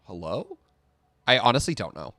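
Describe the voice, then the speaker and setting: Young man, streamer, rambling and giggly, very lively pitch, mid-range voice. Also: moderate pace, dry recording. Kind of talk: casual chat while gaming.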